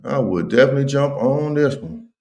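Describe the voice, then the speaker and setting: A man's voice: mid-range voice, lively intonation, brisk, creaky, warm tone. A man hosting a casual livestream, talking in slang and reading viewer comments aloud. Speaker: livestream host.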